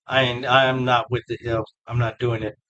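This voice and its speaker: A man's voice: mid-range voice, level tone, brisk, a bit bright, lo-fi sound. A male host giving casual ranting commentary, mocking and profane, full of slang.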